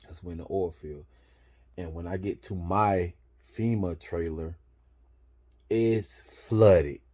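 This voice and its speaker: Deep mellow-voiced dude from florida telling a story, cussing, lots of slang and "boom". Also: male voice, steady tone, measured pace. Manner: profane, slangy, punctuates with "boom". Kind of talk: casual storytelling.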